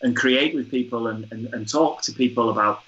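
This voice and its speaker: Guy telling a fun theatre story, normal pitch, kinda muffled lo-fi audio. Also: a little fast. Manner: lively anecdotal storyteller. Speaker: theatre director and guest. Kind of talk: casual chat, storytelling. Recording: dull lo-fi recording.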